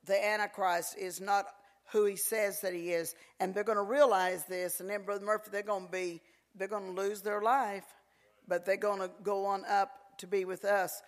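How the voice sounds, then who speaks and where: A man preaching a sermon, telling folksy stories in an animated, preacherly manner. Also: high voice, moderate pace. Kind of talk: sermon with storytelling.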